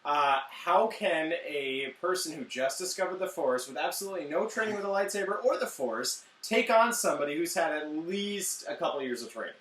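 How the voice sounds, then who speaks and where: A man's voice: fairly high pitch, expressive, a little fast, few pauses, a bit bright, roomy sound, recorded from a distance. Aarzelende man, galmend en ver van de microfoon. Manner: hesitant, questioning, trails off mid-sentence. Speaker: co-reviewer. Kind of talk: casual review chat.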